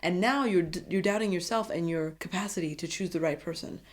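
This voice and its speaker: A woman with a slightly low voice talks through a reality-show recap in a casual way. She gushes and turns dramatic, speaking straight to her viewers. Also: brisk.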